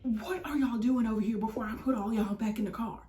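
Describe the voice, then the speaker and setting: A woman's voice: a little high, a little fast, mellow, slight background noise, lightly acted. A woman voicing a pushy male police officer, stern and threatening. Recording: roomy, mic at a distance.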